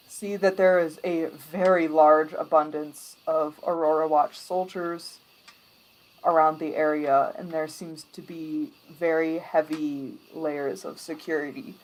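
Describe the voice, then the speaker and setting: A woman game master describing a scene in a tabletop game, slow and descriptive with many fillers. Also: sits low, poor audio.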